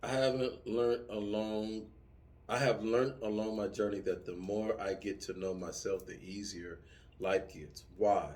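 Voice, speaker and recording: A middle-aged man talking casually, telling lively stories with profanity and acting out yelling soldiers. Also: on the low side, a little slow. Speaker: vlogger answering subscriber comments. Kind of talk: casual chat.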